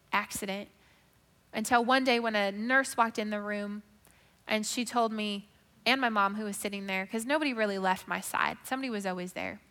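Woman, bright and forceful tone, emotive testimony storyteller, long hall reverb. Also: medium pitch. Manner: emotive storytelling, drops to a hushed whisper then rises loud. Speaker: speaker giving a faith testimony. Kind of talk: personal testimony.

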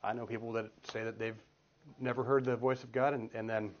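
With little pitch movement and a slightly fast pace, a mid-range male voice delivers an earnest, casual teaching talk. He's in his forties, a guest speaker at a church group, and he tells stories with many restarts. The recording is dull and lo-fi, made in a meeting room next to a children's group.

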